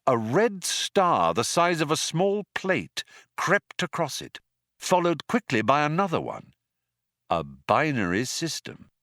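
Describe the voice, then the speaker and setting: A man giving wry, richly expressive scripted audiobook narration. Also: a little high, slow, no echo, clean studio sound.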